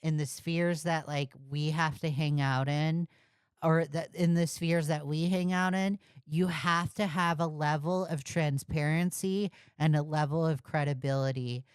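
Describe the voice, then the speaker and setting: A woman talks through casual commentary in a blunt, unhurried way, dropping swear words as she goes. Her voice sits low for a woman and comes across smooth and crisp. The recording is dry and close, with no room sound around her. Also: fairly even intonation, no room sound. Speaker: commentary YouTuber.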